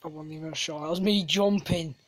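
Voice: mid-range voice, fairly even intonation, brisk, no echo. A speaker giving casual, rambling gameplay commentary full of jokey, self-deprecating asides. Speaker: gamer, channel host.

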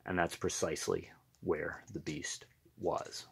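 A man reading a picture book aloud in a gentle, unhurried storytelling manner. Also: low voice, flat delivery.

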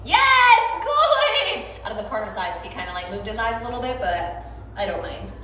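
A woman's voice: mid-range voice, rapid-fire, slight background noise. A young woman, a dog trainer, chatting through a training session in a loose, upbeat way with many fillers. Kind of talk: casual instructional narration. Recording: roomy, distant phone or camera mic.

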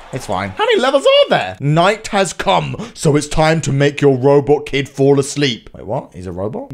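A man's voice: high-pitched, vocal fry, fairly bright tone. Ranting, swearing gaming guy. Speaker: gaming YouTuber. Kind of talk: comedic gameplay commentary.

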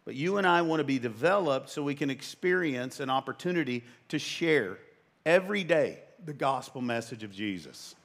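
Preaching at a medium pitch and moderate pace, this pastor in his fifties is emphatic yet conversational. He tosses in jokes, and his voice leaps up in sudden bursts of excitement.

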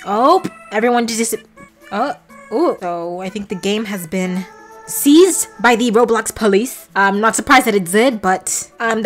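A young woman reacting loudly while playing a game, laughing and shrieking in playful shock. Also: fairly high pitch. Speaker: gaming vlogger.

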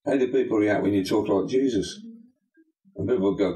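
A man's voice: fairly low pitch, moderate pace, dark tone, soft background music. An older man, a pastor and bishop, talking emphatically in an interview, full of folksy sayings. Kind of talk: preacherly interview talk. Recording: echoey room.

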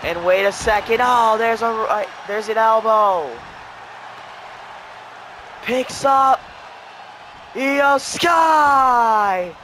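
High-voiced excitable male game commentator. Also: takes it slowly, pauses often, a faint crowd, a little hiss or hum. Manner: excitable, breaks into shouts at near-falls. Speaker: play-by-play commentator for a wrestling video game. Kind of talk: play-by-play commentary.

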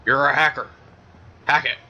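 A man's voice: medium pitch, steady tone, moderate pace, vocal fry, bright, forceful tone, full character voice. A man putting on a smug know-it-all inner voice, blunt and teasing. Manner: blunt, teasing, matter-of-fact.

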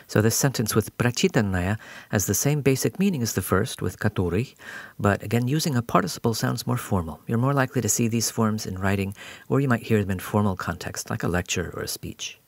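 A man's voice: lowish voice, expressive, fairly quick, vocal fry, no room sound. A man giving a patient, explanatory recorded grammar lesson as a language teacher.

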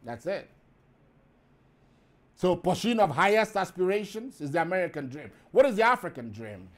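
A man preaching his case to viewers in a high, swooping voice. He hammers points through repetition and rhetorical questions, and climbs to emphatic peaks. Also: sing-song, normal speed. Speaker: host.

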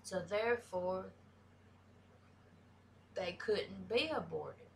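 A woman's voice: mid-range voice, very slow, gravelly, a little hiss or hum. A woman with a Southern US country accent, talking casually and bluntly as she reacts to a video, swearing freely. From American South.

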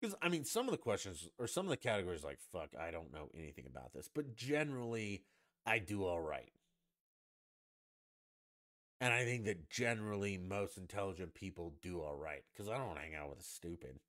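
A man's voice: deep voice, very animated, fairly quick, a bit bright. A man hosting a solo podcast, ranting in a profane, sarcastic and argumentative way. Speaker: podcast host.

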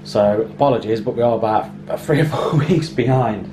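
Chatty dad vlogging at home. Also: male voice, brisk, noisy background. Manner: chatty, coaxing pets in a high sing-song voice. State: out of breath after a workout. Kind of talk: casual family vlog. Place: house and garden.

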